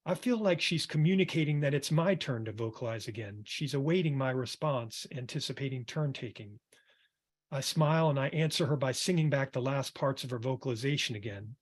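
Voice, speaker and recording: Calm man reading his own account. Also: mid-range voice, a little fast. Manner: calm, reflective, with some hesitant fillers. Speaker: music therapist and author on a panel. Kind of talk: reading a book passage aloud, then panel talk.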